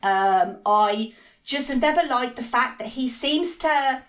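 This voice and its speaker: Young woman podcast guest, bright high voice, chatty and self-deprecating, laughs a lot. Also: animated, slow pace. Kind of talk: casual chat.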